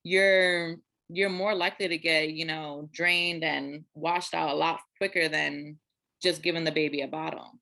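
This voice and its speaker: A young woman with a lower voice that still sounds bright, telling a story in a relaxed, conversational way. She chats casually as a podcast co-host. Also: a little slow, gravelly. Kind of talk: casual chat.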